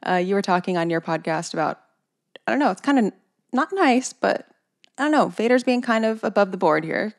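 A woman's voice: mid-range voice, expressive, brisk. A woman hosting a podcast, chatting in a thoughtful, casual way with many fillers. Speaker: podcast host. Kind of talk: casual chat.

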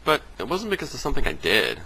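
A vlogger rants fast on his video blog in a casual, animated way, swearing freely and imitating other people in high voices. The audio is poor, with a little hiss or hum.

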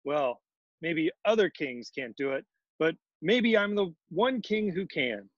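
A man's voice: fairly high pitch, expressive, slow, dry recording, lo-fi sound. A man reading as a grumpy old storybook king. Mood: commanding. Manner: raised, commanding storybook voice.

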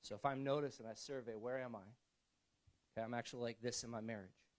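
A man preaching a conversational sermon as a pastor in a church, often restarting phrases and swinging from quiet to emphatic. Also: medium pitch, steady tone, fast talker, rough recording.

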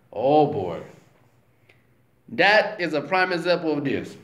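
A man giving a slow, emphatic, conversational religious talk as a vlogger, often checking in with his listener. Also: fairly high pitch, big pitch swings, a bit bright. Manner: slow, emphatic, conversational, says "you know what I'm saying". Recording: roomy echo.

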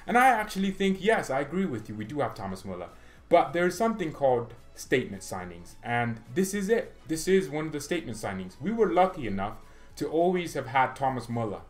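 A young man hosting a football fan vlog, animated and opinionated, laughing often and acting out players. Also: fairly high pitch, a little fast, soft background music. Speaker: football fan channel host.

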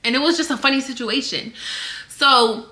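Bright-voiced young woman speaking earnestly. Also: high-pitched, moderate pace. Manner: earnest and defensive, many fillers. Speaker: vlogger answering rumors. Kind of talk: casual personal statement to camera.

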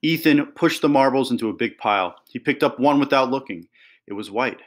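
A man reading a children's story aloud with calm, steady narration. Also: medium pitch, fairly quick. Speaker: reader.

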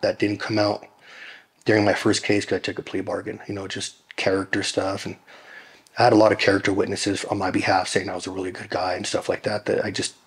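Earnest low-voiced man telling his testimony. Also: monotone, fairly quick, fairly bright tone. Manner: rambling, full of fillers and restarts; earnest, emotional. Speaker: interviewee sharing his testimony. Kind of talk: personal testimony storytelling.

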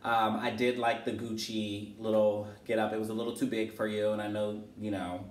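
A man's voice: lowish voice, level tone, moderate pace. A man hosting a casual chat podcast, sassy and theatrical, calling people honey and girl. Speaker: podcast host. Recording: echoey room, mic at a distance, faint hiss.

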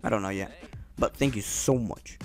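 A man giving casual, excitable and playful commentary over his own gameplay. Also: on the low side, moderate pace, soft background music. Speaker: gamer commentator.

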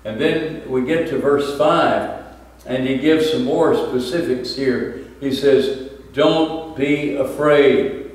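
A man's voice: mid-range voice, a little mellow. Older man preaching in an echoey church. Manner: measured, explanatory, with frequent "uh" pauses. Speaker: pastor. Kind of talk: sermon. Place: church sanctuary. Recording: echoey church from far off, faint background hiss.

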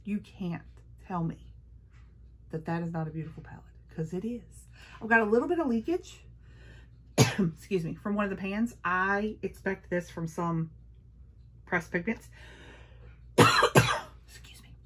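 A woman vlogger chatting casually through a makeup haul, gushing and playful, sometimes dropping to a hush. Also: medium pitch, lively intonation, a little slow, long pauses, husky. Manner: gushing, playful, talks to her palettes.

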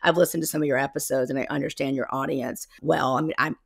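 This embodiment coach, a Southern-accented woman in her 50s from South Carolina, talks fast in a very deep, steady, creaky and husky voice. She's a guest on a casual video-call interview, candid and slightly rambling with self-corrections, and the studio sound is clean with no echo.

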